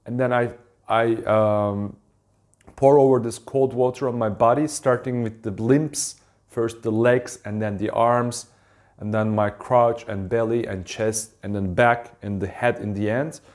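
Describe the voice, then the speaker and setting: Man, wellness teacher, calm and unhurried, frequent ums and self-corrections. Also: mid-range voice. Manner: calm, halting, with many ums and restarts. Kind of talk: casual instructional talk.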